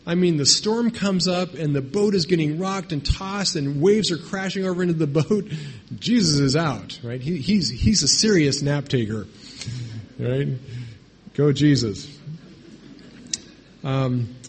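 A man's voice: fairly high pitch, lively intonation, measured pace, husky. A man preaching a sermon in a conversational way, often checking in with "right?" and restarting his phrases. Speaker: pastor. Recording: long hall reverb.

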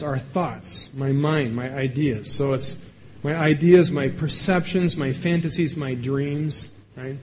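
A man's voice: fairly high pitch, darkish tone, slight background noise. A man preaching a sermon in a conversational way, asking his listeners questions and acting out little voices to illustrate. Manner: conversational, asks the audience questions. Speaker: pastor.

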